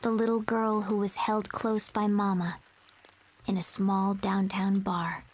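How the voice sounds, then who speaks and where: A woman voicing a lonely young girl who narrates her past in a soft, brooding whispered role-play for a video game. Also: medium pitch, little pitch movement, unhurried, rough recording. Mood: hushed, somber. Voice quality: breathy, often whispered.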